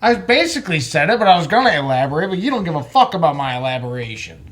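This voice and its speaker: A man co-hosting a sports podcast, with a voice pitched a little high. He talks bluntly and swears freely in casual chat. He gets heated when he is pushing a point. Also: fast talker. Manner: blunt, profane, gets animated. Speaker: podcast co-host.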